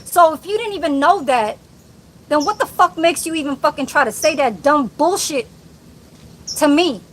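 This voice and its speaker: A woman's voice: sits high, lively intonation, moderate pace. A woman ranting angrily on her live stream, cursing and calling out someone directly. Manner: profane, combative, addresses viewer directly. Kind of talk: angry live-stream rant.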